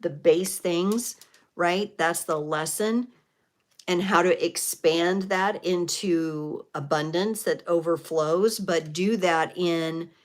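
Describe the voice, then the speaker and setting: Brief: middle-aged woman, tarot livestream host, lowish voice, reflective and searching. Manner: reflective, spiritual, with many fillers and restarts. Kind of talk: live tarot reading, casual talk.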